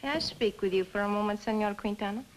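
An actress playing a young, imperious wife plotting a conspiracy, in 1950s TV drama style, cold and commanding. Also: female voice, medium pitch, fast talker, a little hiss or hum, close to an everyday voice, rough recording.

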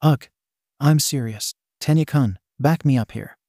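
A man's voice: medium pitch, a little slow, mellow, no room sound, clean studio sound. A man voicing a nervous, stammering teenage boy who babbles when embarrassed, in a storybook reading. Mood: flustered.

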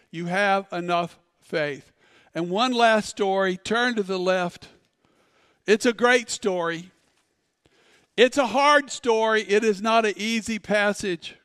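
A male pastor delivers a storytelling sermon, dropping to quiet asides and then rising to loud, dramatic peaks. His high, clear voice moves at an unhurried pace. The mic is close and dry, but a long church reverb trails after him. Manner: storytelling preacher, swings from loud shouts to hushed asides. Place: church sanctuary.

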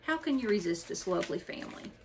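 A gracious bookshop owner who stays calm and firm, as a woman reads her lines. Her middle-pitched voice is measured and polite. Faint noise hums under the recording. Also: lightly acted. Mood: firm, kind. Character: kind, firm older female shop owner. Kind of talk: audiobook character reading.

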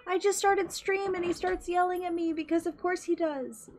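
A woman's voice: extremely high pitch, fairly even intonation, moderate pace. A woman live-streaming a game, greeting her chat in a bubbly, squealing way.

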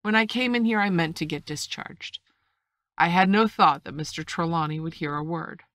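A stern, blunt sea captain, read aloud by a woman in a low voice that sounds close and dry. He speaks in clipped, formal, firm sentences, like an audiobook officer who will not bend. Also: moderate pace, fairly bright tone, no echo, close to an everyday voice. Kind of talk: audiobook reading.

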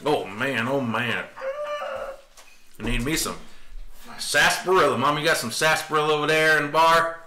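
A man's voice: on the high side, moderate pace, pauses often, pushed and bright, echoey room, a little hiss or hum. A man doing a folksy rustic cowboy. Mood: hammy. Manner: drawling rustic slang. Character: folksy old-time cowboy man, hungry and hearty.

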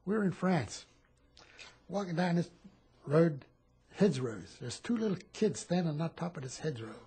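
A man in his eighties, a war veteran telling stories in a rambling, animated way at a home interview. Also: a little high, normal speed. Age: 80s. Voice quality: very husky. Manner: rambling, animated storytelling with repeated phrases.

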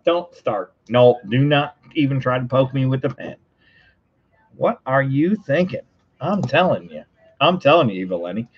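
Man, livestream auction host, rhythmic bid chant, lively pitch, playful, muffled lo-fi sound. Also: husky. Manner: rapid rhythmic bid calling, playful teasing. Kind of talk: auctioneer chant mixed with casual banter.

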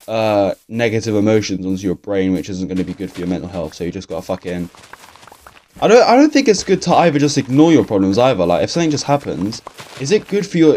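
A man's voice: lowish voice, darkish tone. A young man, talking through a game in a casual, swear-filled, grumbling ramble. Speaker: gaming YouTuber. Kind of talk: casual let's-play commentary.

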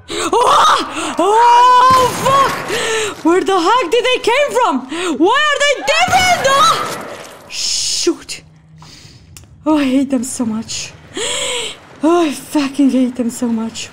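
A woman giving gameplay commentary, jumpy and swearing, gasping and yelling at the game as she plays. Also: very high voice, lively intonation, slow pace, very noisy. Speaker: gaming channel host. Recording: game sounds loud behind voice.

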